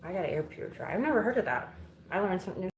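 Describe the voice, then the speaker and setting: A woman's voice: mid-range voice, expressive, rapid-fire. A woman chatting bluntly and casually with live viewers while doing chores at home, answering their comments and swearing now and then. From Illinois. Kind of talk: casual live-stream chat. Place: home kitchen and living room, windows open. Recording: roomy home audio with faint background noise.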